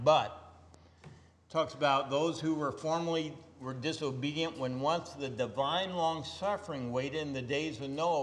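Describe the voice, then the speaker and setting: A man preaching a sermon, emphatic, swinging from loud stressed lines to quiet asides. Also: mid-range voice, big-room sound.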